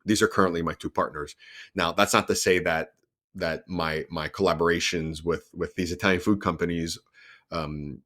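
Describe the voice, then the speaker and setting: A man's voice: low voice, fairly even intonation, normal speed, fairly bright tone. A young adult man hosting a solo podcast, talking earnestly and explaining things step by step, often restarting his sentences. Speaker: podcast host.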